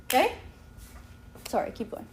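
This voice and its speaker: A woman in her thirties giving an animated talk with slides at a church gathering, often tagging her sentences with "okay?". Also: moderate pace, slight background noise. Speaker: speaker at a church youth talk. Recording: echoey hall, faint ambience.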